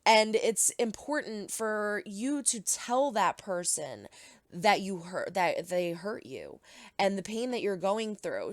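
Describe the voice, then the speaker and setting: A woman's voice: mid-range voice, no room sound. Earnest woman reacting to a TV episode. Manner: earnest, emotional. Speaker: reaction video host. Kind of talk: casual reaction commentary.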